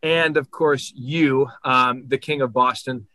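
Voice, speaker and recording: A man's voice: mid-range voice, steady tone, slow pace, bright, forceful tone, no echo, low-quality recording. A man co-hosting a casual college football podcast, talking in a rambling, friendly way and often correcting himself. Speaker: podcast co-host. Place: Michigan.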